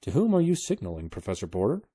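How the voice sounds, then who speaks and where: A man voicing a timid, anxious old male secretary who talks in an excitable, fretful way. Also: medium pitch, normal speed, husky, no echo, studio quality, voice pushed up.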